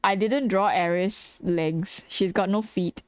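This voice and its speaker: Slow and steady, her medium-pitched voice comes across smooth in clean studio sound without echo. Weary as she streams her drawing, the woman chats casually, laughing plenty, swearing, and making fun of herself.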